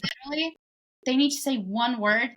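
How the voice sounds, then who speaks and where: A young woman chats as a podcast guest, her voice pitched a little on the high side. She talks loosely and fills her sentences with "like" as she thinks out loud. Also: normal speed. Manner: chatty, leans on "like" fillers. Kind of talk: casual chat.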